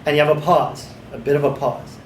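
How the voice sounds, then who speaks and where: A man teaching a small class of hypnotherapy students, sometimes slipping into a slow, authoritative guided-imagery voice. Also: on the high side, steady tone, a little hiss or hum. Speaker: hypnotherapy trainer. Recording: echoey room.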